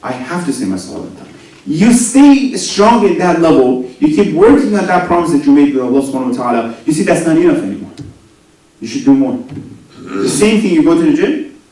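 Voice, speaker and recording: A man preaching a sermon, in a fairly high voice that climbs on questions and sinks to hushed asides. He sounds set back from the mic in a strongly echoing hall. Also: a little fast. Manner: animated, rising and dropping to near whispers, asks the audience questions. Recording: very echoey hall, voice from a distance.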